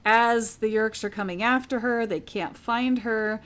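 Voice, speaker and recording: A woman's voice: on the high side, steady tone, a little slow. A woman casually recapping a book on a podcast, chatty and laughing often. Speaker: podcast co-host.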